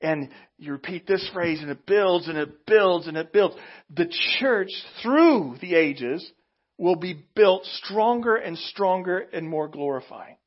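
Male pastor, sermon, high voice, emphatic, animated, muffled lo-fi recording. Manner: animated, emphatic with sudden loud outbursts and slow drawn-out phrases.

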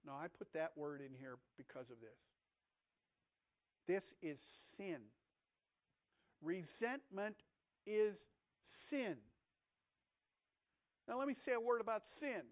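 A man preaching a sermon, emphatic, swinging between raised passages and hushed, quiet ones. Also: high voice. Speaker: pastor. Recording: tinny phone-like audio recording.

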